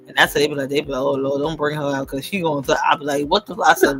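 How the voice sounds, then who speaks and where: A woman's voice: deep voice, racing, hardly any pauses, breathy edge, soft background music. A woman hosting a livestream in casual chat, speaking, emphatic and profane, telling stories with lots of energy. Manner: emphatic, profane, animated storytelling. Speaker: livestream host.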